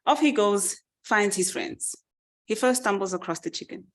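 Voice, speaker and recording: A woman giving a speech, narrating a farmyard fable with lively, animated delivery. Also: medium pitch, normal speed. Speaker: summit speaker. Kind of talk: storytelling speech.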